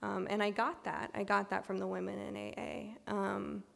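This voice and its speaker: A woman's voice: medium pitch, level tone, normal speed, gravelly, in a large hall. A woman giving a candid, self-deprecating personal recovery talk, full of ums and restarts. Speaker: speaker sharing her recovery story at a meeting.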